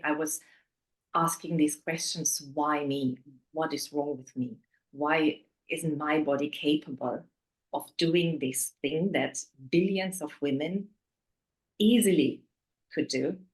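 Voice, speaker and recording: A woman interviewed as a guest, candidly telling a painful personal story, often dropping to a hushed voice. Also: low voice, rough recording.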